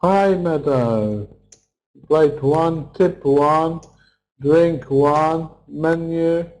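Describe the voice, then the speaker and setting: A man teaching pronunciation online, with a voice pitched a little higher than most men's. He talks very slowly and patiently, saying each word twice and counting out its syllables. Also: darkish tone, rough recording. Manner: patient, explains the stressed vowel sound step by step. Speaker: English teacher.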